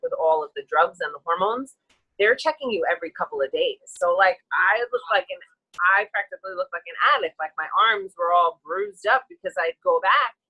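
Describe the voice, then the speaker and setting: A woman's voice: fairly low pitch, husky, rough recording. A woman guest candidly telling a long personal story, frank and emotional, acting out the people she quotes. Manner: animated, acts out quoted people in shifting voices; frank and emotional, rambling with fillers.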